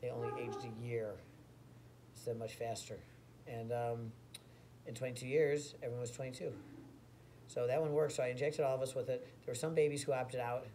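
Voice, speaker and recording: A man tells an absurd tall tale in a rambling, mock-boastful way. His voice has an ordinary, mid-range pitch for a man. A faint background hiss sits under the recording. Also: fairly even intonation, a little fast, dark tone. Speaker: comedy storyteller.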